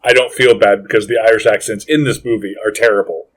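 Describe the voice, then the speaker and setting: A man's voice: lowish voice, fairly even intonation, fast talker. A man co-hosting a movie podcast, recapping scenes in a laid-back way and chuckling often. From Canada. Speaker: podcast co-host. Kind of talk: casual movie podcast chat.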